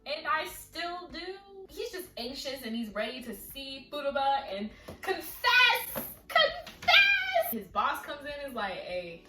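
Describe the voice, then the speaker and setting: A woman excitedly reviewing a manga volume in a casual vlog, retelling scenes with acted-out lines. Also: high-pitched, normal speed, hardly any pauses. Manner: animated, dramatic retelling with acted-out quotes. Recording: echoey room, slightly distant mic, faint music.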